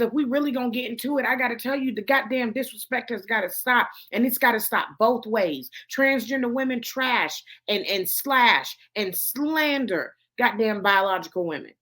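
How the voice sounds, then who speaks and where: A gossip commentary show host speaks to camera in a slightly high woman's voice with lively intonation, a moderate pace, and a sharp tone. Her commentary is blunt and profane, full of heavy swearing, and she repeats her points for emphasis.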